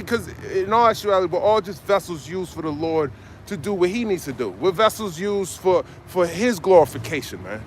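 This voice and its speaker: A man delivers a fiery open-air street sermon, exhorting passersby and capping his lines with "man." His voice sits high for a man. He is recorded outdoors at an urban marketplace, with faint traffic noise behind him. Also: fairly bright tone. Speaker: street preacher.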